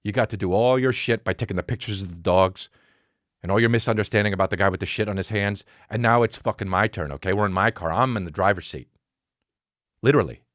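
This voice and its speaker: A man's voice: fairly low pitch, fast, no echo, clean studio sound. A man hosting a podcast, telling a comic story as an exasperated, profane rant. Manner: exasperated, profane, animated ranting. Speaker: podcast host.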